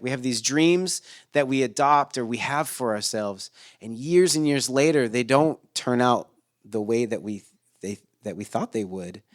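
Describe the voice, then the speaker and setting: A man in his thirties co-hosting a casual podcast chat, reflective and rambling with many restarts. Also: mid-range voice. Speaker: podcast co-host.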